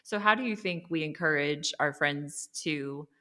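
A woman's voice: low voice, unhurried. A woman hosting a casual faith podcast chat, affirming her guest often and asking questions. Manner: warm affirming, frequent "yeah" and "so good". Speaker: podcast host.

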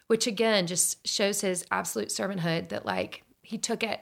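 Gravelly-voiced woman telling her story. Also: medium pitch, moderate pace, hardly any pauses. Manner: earnest, animated, acts out dialogue. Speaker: storyteller sharing a faith testimony. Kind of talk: personal testimony, casual storytelling.

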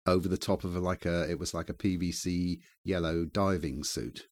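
Male co-host, low voice, dry close sound, self-deprecating anecdotes. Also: fairly even intonation, normal speed, darkish tone, no room sound. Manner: rambling, self-deprecating storytelling. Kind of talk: casual chat.

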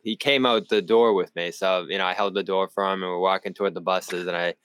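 A man's voice: low voice, steady tone, brisk, fairly bright tone, smooth, dry recording. A man with a Boston accent, a sports reporter co-hosting a casual basketball podcast, talking through his analysis with frequent restarts.

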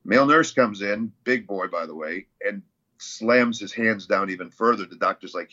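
Casual male guest, bright forceful tone, rambling storyteller, muffled lo-fi audio. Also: fairly low pitch, moderate pace. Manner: rambling, many fillers and restarts. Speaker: interview guest, CrossFit athlete.

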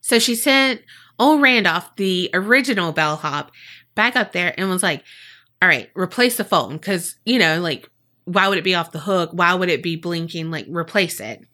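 Woman, bright voice, casual true-crime podcast host, chatty, swears, does funny voices. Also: lowish voice, expressive, moderate pace. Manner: chatty and profane, acts out quotes in funny voices.

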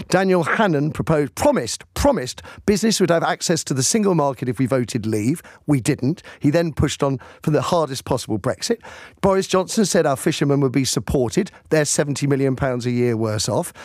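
A man's voice: a little high, darkish tone, no room sound, studio quality. A man presenting a radio interview, pressing a guest with a pointed list of grievances.

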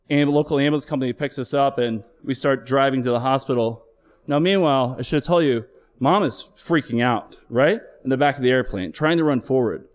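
Candid man telling a hard story. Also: mid-range voice. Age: middle-aged. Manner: candid, emotional, swears, slows for emphasis. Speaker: flight paramedic. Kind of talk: live personal storytelling.

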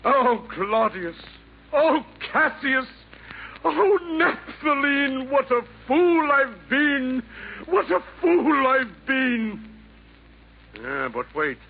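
A man's voice: high voice, sing-song, a little slow. A man playing a vain, boastful Nero in 1940s radio acting, blustering in rhyme with sudden theatrical swings, on a tinny old broadcast with faint hiss. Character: vain boastful emperor Nero, a devil's hired killer.

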